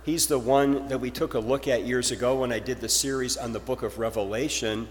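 A man's voice: mid-range voice, fairly even intonation, a little fast, long reverb tail. A male pastor delivering a sermon, posing rhetorical questions to his congregation.

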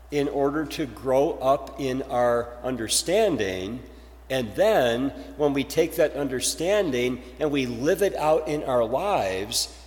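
A man's voice: mid-range voice, darkish tone. Man preaching in a reverberant hall. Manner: preaching with rhetorical questions. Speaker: pastor. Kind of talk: sermon.

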